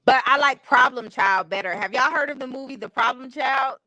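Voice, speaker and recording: A woman host chats casually on her stream, speaking frankly with slangy everyday phrasing. Her voice sits a touch high and sounds bright. The recording is close and dry. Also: fairly quick, dry recording, poor audio. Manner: candid and opinionated, with slangy talk. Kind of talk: casual chat. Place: home streaming setup.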